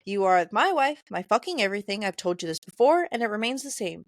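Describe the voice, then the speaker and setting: A woman on a podcast, reading quoted lines from a novel in a plain, conversational voice and stumbling now and then over hard names. Her voice sits at a middle pitch. The sound is dry and close. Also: very animated, fast talker, hardly any pauses, dry recording. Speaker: podcast co-host. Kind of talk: casual book discussion, reading passages aloud.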